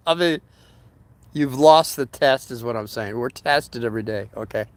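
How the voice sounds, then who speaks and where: A man's voice: medium pitch, moderate pace, dry recording. Rambling folksy older man chatting to viewers. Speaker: livestream host reading viewer comments. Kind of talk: casual storytelling livestream.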